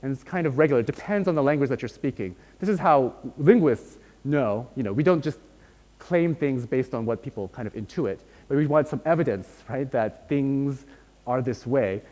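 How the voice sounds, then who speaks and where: A man's voice: mid-range voice, animated, normal speed, dark tone. A man giving a university lecture, explaining step by step and often checking in with "right?". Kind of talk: academic lecture. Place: lecture hall. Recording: long hall reverb.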